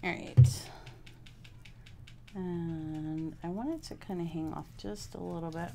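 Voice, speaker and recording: A woman's voice: lowish voice, steady tone, slow pace, gravelly. A woman from Texas, chatting casually with live viewers while she works on a craft project and thinks aloud. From Houston, Texas. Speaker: craft vlogger.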